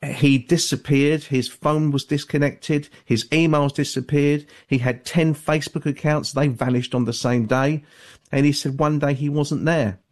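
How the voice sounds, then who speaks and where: A man speaking as an author and guest on a call-in radio show, measured and hedging, with many fillers and restarts. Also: on the high side, fairly even intonation.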